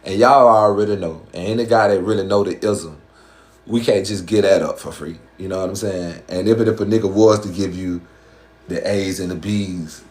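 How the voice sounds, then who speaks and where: A man from the American South talks in a fairly low voice, his Southern accent plain throughout. He hosts a casual live stream and slips into slangy, profane, rhyming streetwise patter. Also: darkish tone. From Southern US, Georgia.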